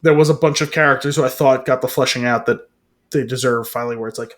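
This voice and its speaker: A man's voice: mid-range voice, steady tone, quick pace. A man co-hosting a podcast in casual chat, rambling and hedging with lots of fillers. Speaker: podcast co-host.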